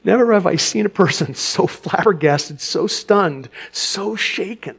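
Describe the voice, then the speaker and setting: A man preaches by telling a story, expressive and quick to laugh or choke up. His voice is fairly high and swings widely as he animates the telling. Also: slightly rough.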